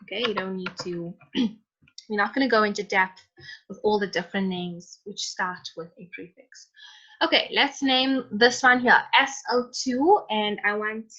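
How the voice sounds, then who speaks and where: A woman's voice: mid-range voice, a little slow, sharp tone, husky. A woman teaching a chemistry class online, patiently calling on students by name. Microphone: computer mic on a video call. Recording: dull lo-fi online call audio.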